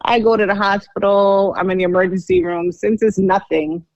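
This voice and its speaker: A woman's voice: medium pitch, steady tone, normal speed, dry recording, highs cut off. A woman co-hosting a podcast, telling her own story in a candid, chatty way. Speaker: podcast co-host.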